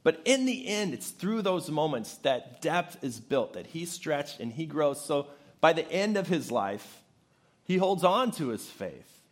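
Male pastor, conversational sermon delivery, lively and expressive pitch, animated storyteller. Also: measured pace.

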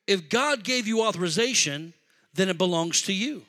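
Male pastor, high and bright voice, storytelling sermon that rises to shouts. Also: lively intonation, normal speed. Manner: storytelling, swings from quiet to shouting.

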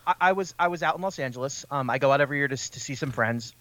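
A man telling a long, rambling anecdote on a podcast, animated and laughing as he goes. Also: medium pitch, very fast, dry recording. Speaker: podcast co-host. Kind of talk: casual chat.

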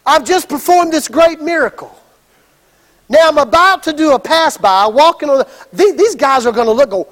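A pastor delivering a sermon, acting out the story with lively asides and shouts. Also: male voice, extremely high pitch, moderate pace, in a large hall. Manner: animated storytelling, acts out scenes and shouts.

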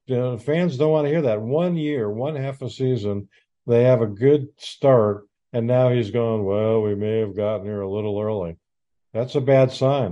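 A man's voice: lowish voice, mellow. A man hosting his own show, delivering a rambling, sarcastic rant as sports commentary. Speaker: podcast host.

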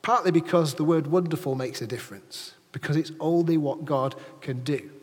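A man preaching a lively sermon in a church, chatting with and questioning his congregation. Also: on the high side, moderate pace, slightly rough, long reverb tail. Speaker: pastor.

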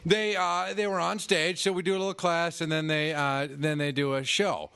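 Brief: gravelly, bright-voiced man, lively comic storyteller, improv teacher, dry close sound. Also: fairly high pitch, normal speed, no echo. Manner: animated storyteller, acts out quotes. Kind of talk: casual comedic chat.

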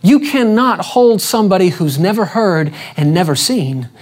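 A man preaching a sermon with a lively, swooping voice that climbs and falls as he drives each point home. He talks emphatically, repeats his questions, and calls on the congregation to answer back. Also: high-pitched, normal speed.

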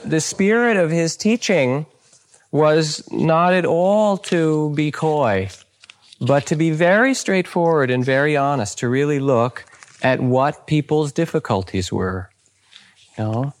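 A man's voice: on the high side, lively intonation, unhurried. Older man telling chuckling dharma stories. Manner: anecdotal, chuckling, frequent "you know". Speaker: meditation teacher. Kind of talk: storytelling dharma talk.

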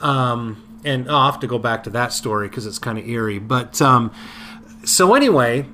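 Man, podcast co-host, bright tone, halting storytelling, slight hiss behind. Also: medium pitch, animated. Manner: halting, many fillers and restarts. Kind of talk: casual conversational storytelling.

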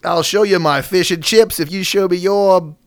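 A man's voice: high-pitched, normal speed. A man doing a bawdy put-on British accent, playing a crude, flirty bloke in comedy podcast banter. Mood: leering. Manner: bawdy, leering, mock-cheery.

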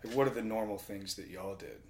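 A man with a fairly low voice talks casually and tells stories with lots of energy. He laughs often as he goes. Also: fairly quick, slight background noise. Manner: animated storyteller, laughs often. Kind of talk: casual conversation.

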